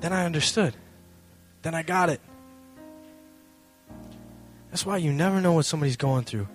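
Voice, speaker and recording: A young man speaking to a live audience, telling a lively story with self-mocking humor and acting out both sides of the conversation. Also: fairly high pitch, fast, faint music behind. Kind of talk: animated storytelling talk.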